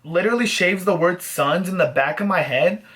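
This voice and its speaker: Guy with a kinda high voice telling a story on his vlog, animated, cusses a lot. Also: moderate pace. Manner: animated, self-mocking, swears freely. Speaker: vlogger host. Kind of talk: casual storytelling to camera.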